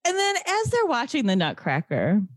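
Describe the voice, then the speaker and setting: A woman's voice: on the high side, huge pitch swings, moderate pace, dry recording. A woman in casual chat, recapping a movie with sarcasm and some swearing, acting out the characters' lines.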